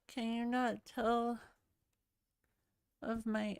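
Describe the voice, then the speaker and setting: A woman's voice: on the high side, level tone, very slow, vocal fry, smooth, dry recording. A sleepy woman streamer chatting casually with her chat, giggling and rambling as she laughs at herself. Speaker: VRChat streamer.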